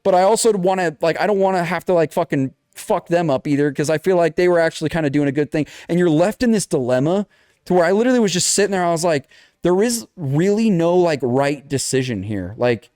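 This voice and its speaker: Recorded in studio quality with no echo, a young man with a slightly high voice speaks quickly while co-hosting a casual chat. He animatedly recounts a video game story, swearing heavily and performing the characters' lines.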